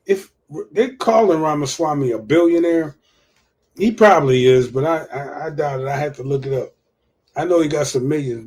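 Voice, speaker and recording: A man's voice: fairly high pitch, darkish tone. Profane man hosting a livestream. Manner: profane, repeats himself for emphasis. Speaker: livestream host. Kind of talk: casual political commentary.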